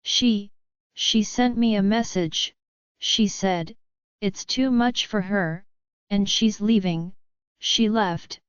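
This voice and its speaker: A woman's voice: mid-range voice, slow, clear, resonant tone, no room sound, lightly acted. A woman voicing a heartbroken young man who weeps as he talks, with a broken, tearful delivery. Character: heartbroken young man, weeping over lost love. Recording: slightly dull, dry recording.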